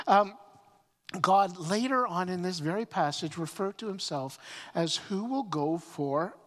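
A man preaching a sermon as pastor, often repeating words as he starts phrases and swinging between loud emphasis and quiet. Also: high voice. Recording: long reverb of a hall.

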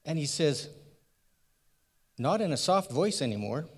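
A man's voice: on the high side, big pitch swings, unhurried, husky, exaggerated voice. A man playing the elderly priest Zechariah in a first-person church skit, telling his story in an earnest, folksy, rambling way. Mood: awed, folksy. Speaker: church member in a sermon skit. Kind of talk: first-person dramatic monologue. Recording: long church hall reverb.

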